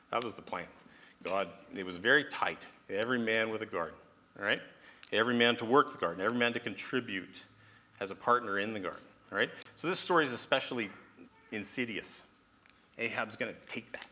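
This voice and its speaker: A man teaching the Bible in an animated sermon, asking rhetorical questions and often checking in with "okay?". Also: lowish voice.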